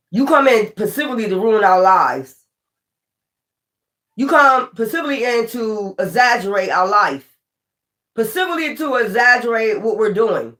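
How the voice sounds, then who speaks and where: A tarot reader talks straight to viewers in a live reading. The delivery is blunt and peppered with swearing. Points get repeated and pressed hard. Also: mid-range voice. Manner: blunt, profane and emphatic, with lots of repetition.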